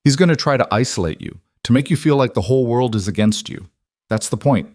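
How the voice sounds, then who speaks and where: A man's voice: medium pitch, expressive, darkish tone, no echo, clean studio sound, natural voice. A man voicing a blunt veteran woman lawyer. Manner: brisk, blunt, warning. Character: blunt, seasoned woman lawyer in her fifties.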